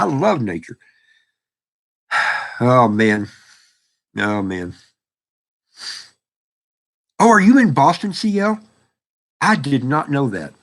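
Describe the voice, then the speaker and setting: A man in his sixties with a drawl talks through a casual livestream, folksy and rambling as he answers viewers' chat messages. His voice is bright and forceful, pitched in an ordinary middle range. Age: 60s. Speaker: livestream host.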